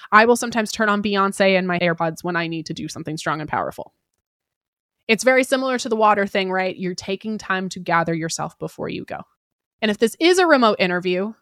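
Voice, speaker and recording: A chatty woman hosts an advice podcast. She talks quickly, often uses "like" and "kinda", and keeps asking "right?". The sound is dry and close, with no room echo. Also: mid-range voice, a bit bright. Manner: quick, chatty delivery with frequent "right?" tag questions; fillers like "like" and "kinda". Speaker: podcast host giving job-interview advice.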